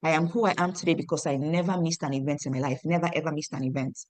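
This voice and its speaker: A woman's voice: low voice, racing, darkish tone, no echo. Emphatic Nigerian woman coaching. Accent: Nigerian English. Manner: emphatic, repeats lines for stress, asks the audience questions. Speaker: business team leader coaching her downline. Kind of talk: motivational online training talk.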